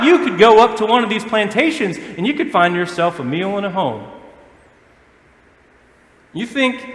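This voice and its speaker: Young southern pastor, kinda high voice, chatty sermon w lots of "right?", boomy echoey sanctuary. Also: male voice, pushed and bright. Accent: Southern American. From Alabama, USA. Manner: conversational preaching with rhetorical questions. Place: church sanctuary. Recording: echoey church hall.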